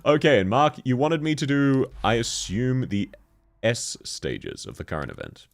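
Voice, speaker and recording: Lively-voiced joking male game streamer. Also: mid-range voice, slow, vocal fry, pauses often, faint music behind. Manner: joking, laughs often, reads chat aloud. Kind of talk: casual live-stream chat while gaming.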